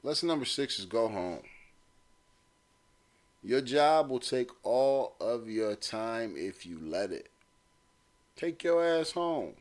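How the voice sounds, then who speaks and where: A man's voice: mid-range voice, lively intonation, slow, long pauses. A man hosting a talk show, giving blunt, streetwise advice and repeating his points for emphasis. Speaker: podcast host.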